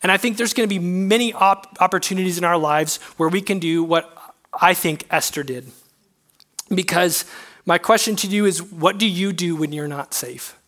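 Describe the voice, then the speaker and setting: A man in his thirties preaching to young adults, telling a personal story in an earnest, halting, emotional way. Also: high voice, fairly bright tone.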